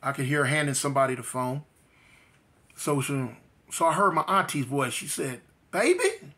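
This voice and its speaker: A man's voice: mid-range voice, normal speed, bright, forceful tone. A middle-aged man from telling his life story in slangy street talk, full of fillers. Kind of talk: casual storytelling.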